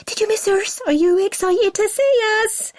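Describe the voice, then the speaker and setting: A woman voicing an excitable, clingy little girl who squeals her lines in a shrill, bubbly voice. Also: normal speed, dry recording, clean studio sound. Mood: excited.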